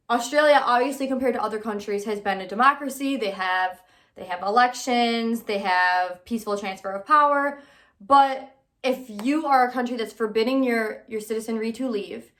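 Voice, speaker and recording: A woman hosting her own podcast, giving casual, sarcastic commentary with lively, animated delivery. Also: on the high side. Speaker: podcast host.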